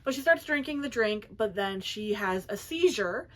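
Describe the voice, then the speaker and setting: Young woman book reviewer, chatty, loose and animated, mid pitch. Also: moderate pace. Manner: chatty, filler-heavy, animated. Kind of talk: casual plot recap.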